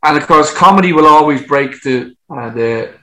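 A man being interviewed about his music career, telling long stories in a lively way, laughing and swearing as he goes. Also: on the high side, moderate pace, rough recording. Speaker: musician guest. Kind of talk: casual anecdotal storytelling.

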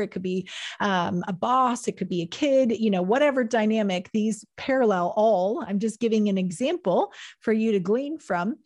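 A woman speaks earnestly in a teaching monologue about anxiety. She explains patiently and voices little snippets of dialogue as she goes. Her pitch sits in an ordinary middle range. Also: darkish tone. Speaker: therapist host.

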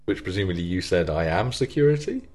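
A man's voice: sits low, big pitch swings, fast talker, darkish tone. A man co-hosting a podcast who drops short teasing interjections into a friend's story. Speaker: podcast co-host.

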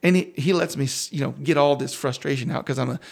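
A man with a gravelly, creaky voice at a middle pitch recounts his own story in a casual interview. He talks as a pastor, halting and restarting often, and chuckles at himself along the way. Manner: halting, many restarts, self-deprecating chuckles.

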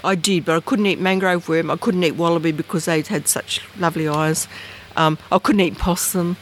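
In a casual interview, an Australian woman from Bathurst Island in northern Australia tells personal stories at a moderate pace, with a little hiss or hum behind her. She rambles, full of fillers and restarts, and animatedly acts out the people she quotes with big jumps in pitch.

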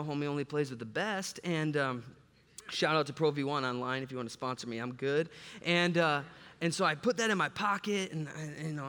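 A male pastor from the south side of Chicago, preaching a sermon and telling a humorous personal story in an animated, joking way. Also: on the high side. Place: church sanctuary. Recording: long reverb from a large hall.

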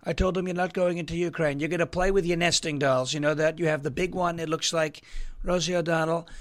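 A man's voice: a little high, fairly even intonation, quick pace, fairly bright tone, natural voice. A man doing an impression of a boastful older male politician, bragging and tossing off mocking asides.

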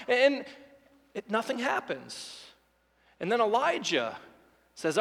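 A pastor delivers a sermon, narrating a scripture story with vivid quoted dialogue. His speaking voice sits very high for a man. The sound rings with the long reverb of a large church sanctuary. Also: animated, normal speed, a bit bright.

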